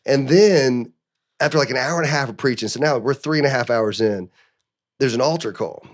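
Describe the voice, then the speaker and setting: A man guest on a podcast, telling a personal story in an animated, earnest way, often acting out what others said, with emotional restarts. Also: mid-range voice, a little fast. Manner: animated storyteller who acts out other people's lines. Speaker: interview guest.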